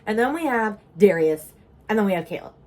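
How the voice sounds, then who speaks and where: Speaking at a medium pitch and a slightly fast clip, a young woman chats animatedly on her vlog about a book she's in the middle of. She throws in mock outrage and casual cursing along the way.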